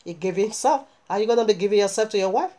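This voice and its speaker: A woman's voice: mid-range voice, fast, warm tone. A woman preaching a sermon, reading scripture aloud and explaining it verse by verse with emphatic exhortations.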